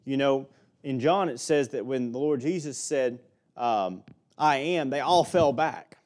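A man's voice: mid-range voice, expressive, measured pace, a little mellow. A man with an Alabama accent, preaching a sermon and teaching through a Bible passage in a folksy way with small jokes. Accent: Southern US (Alabama).

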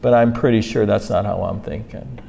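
A man preaching a sermon as pastor, earnest, moving between soft asides and loud, high-pitched bursts. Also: moderate pace, vocal fry, in a large hall, dull audio, slight background noise.

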